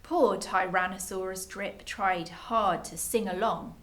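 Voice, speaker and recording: A woman reading a children's picture book aloud at a library story time, with lively expression. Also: mid-range voice, measured pace.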